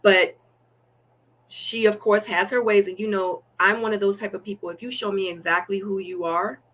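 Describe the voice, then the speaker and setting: A woman's voice: medium pitch, normal speed. A young adult woman chatting as a guest in an interview, telling stories animatedly and acting out what people say, with lots of "like" fillers. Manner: animated storytelling, acts out quotes, many "like" fillers. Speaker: dating show guest. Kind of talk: casual interview chat.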